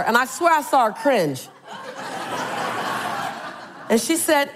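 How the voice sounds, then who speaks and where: A woman's voice: medium pitch, animated, brisk, long pauses. A middle-aged woman speaking on stage to a live audience, telling playful stories and building to rhythmic motivational calls.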